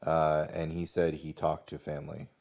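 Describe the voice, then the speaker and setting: A man's voice: rumbling low, little pitch movement, normal speed, creaky, darkish tone. A man reading viewer comments aloud, sitting away from the microphone and using fillers.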